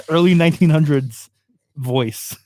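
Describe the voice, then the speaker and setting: A man's voice: fairly high pitch, measured pace, a little mellow, slight background noise. A man co-hosting a podcast, giving earnest, opinionated commentary in casual chat. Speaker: podcast co-host.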